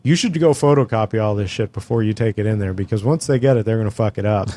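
A man's voice: fairly low pitch, fast, dark tone, dry recording. Exasperated, swearing man telling a story. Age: middle-aged. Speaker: podcast co-host telling a story. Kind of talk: casual chat.

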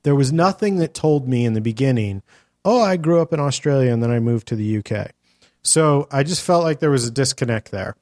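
A man in casual chat about films, swearing freely and telling his reactions in a blunt, animated way. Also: mid-range voice, brisk. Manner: blunt, profane, animated storytelling. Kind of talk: casual movie review chat.

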